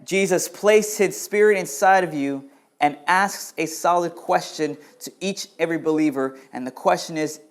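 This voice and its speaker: A man preaching to his congregation, his voice sitting a little high for a man. He swings between loud, urgent questions and low, quiet stretches. He calls out to listeners by name as he goes. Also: normal speed. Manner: addresses congregation members by name. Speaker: pastor. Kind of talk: sermon.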